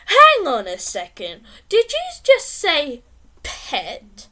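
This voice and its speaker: A firm, suspicious mother from a children's storybook, read aloud by a woman. She questions things pointedly in a high voice, never quite convinced. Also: sing-song, moderate pace, sharp tone, heavily acted.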